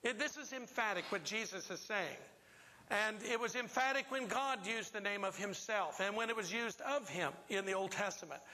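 High bright-voiced preacher in a hall. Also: male voice, moderate pace. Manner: emphatic, asks the congregation questions. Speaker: pastor. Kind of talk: sermon. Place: church sanctuary.

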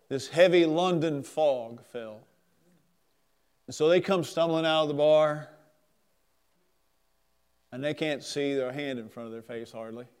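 A male pastor preaches in an earnest, emphatic way, building to loud points and then falling quiet. His voice is fairly high for a man and very smooth and clear. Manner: earnest, emphatic, swells and drops in volume. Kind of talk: sermon.

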